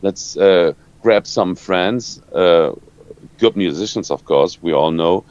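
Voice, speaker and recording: German-accented man, halting and low. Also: darkish tone, dry recording. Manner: halting, searching for words, many restarts. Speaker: rock guitarist. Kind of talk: interview answers. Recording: dull lo-fi dry sound.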